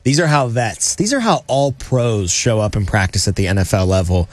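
A man's voice: lowish voice, moderate pace, no echo, close to an everyday voice. A man imitating a male football head coach who gives the players an upbeat, encouraging talk. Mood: rousing. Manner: breezy, encouraging.

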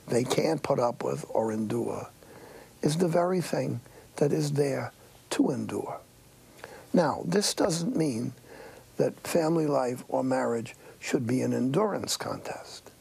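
An older man, a priest, giving a sermon in a wry, earnest storytelling way, with a raspy, breathy voice and many hushed asides. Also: mid-range voice.

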